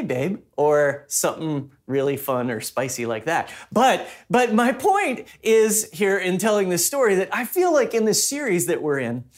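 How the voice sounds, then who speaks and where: Conversational male pastor preaching. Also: sits high. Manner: conversational, personal storytelling. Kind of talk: sermon.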